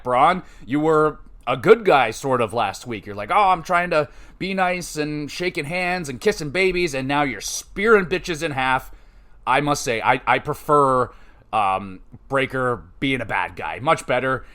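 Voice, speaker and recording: A man's voice: medium pitch, fairly bright tone. A man hosting a podcast, recapping wrestling matches in a casual, chatty way with offhand asides and scores. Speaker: podcast host.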